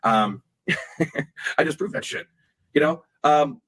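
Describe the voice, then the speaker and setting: A man's voice: on the high side, lively intonation, slow pace, a loud crowd, low-quality recording. A man streaming live, ranting heatedly in profane language and often repeating himself.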